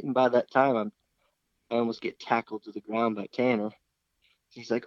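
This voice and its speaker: A man's voice: mid-range voice, steady tone, normal speed, creaky, no echo, lo-fi sound. A young man casually retelling a hunting story, rambling and acting out the dialogue. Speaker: hunter telling a story.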